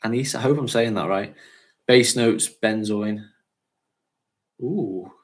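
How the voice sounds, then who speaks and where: A man's voice: fairly low pitch, takes it slowly. A man from North West England, hosting a casual livestream chat and rambling, chatting and laughing often. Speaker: fragrance channel host.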